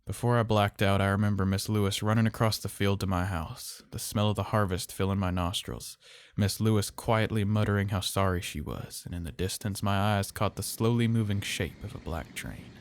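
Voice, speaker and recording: A man telling a horror story in slow, measured, somber narration. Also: low-pitched.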